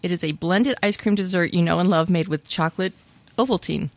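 A woman's voice: lowish voice, a little fast, dry recording, lo-fi sound. A woman co-hosting a casual chat, reading out items with playful asides and frequent giggles. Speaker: podcast co-host.

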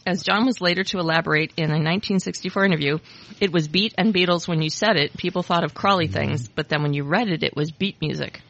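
A woman's voice: lowish voice, fast, vocal fry, fairly bright tone. A woman hosting a podcast, chatting casually and reading out trivia in an upbeat, chatty way. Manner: chatty, upbeat, laughs often. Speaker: podcast host. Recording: dull lo-fi audio.

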